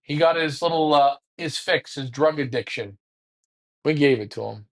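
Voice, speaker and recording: A man's voice: fairly high pitch, moderate pace. A man hosting a pigeon racing show in casual talk, taunting a rival with repetitive trash talk.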